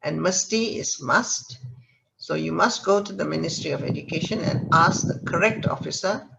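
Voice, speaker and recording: A man's voice: a little high, moderate pace, gravelly, bright, forceful tone. A man teaching a language lesson, patiently explaining words one at a time and checking in with the listener. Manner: patient, explains word by word with checks like "all right?". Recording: dull lo-fi recording with faint hiss.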